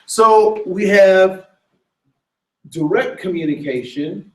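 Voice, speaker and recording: A man leading a workshop on cultural communication, animated, asking the room questions and acting out what people say. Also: high-pitched, takes it slowly. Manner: animated, asks the room questions, acts out quotes. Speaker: diversity trainer. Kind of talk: workshop lecture. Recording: echoey room, from a distance.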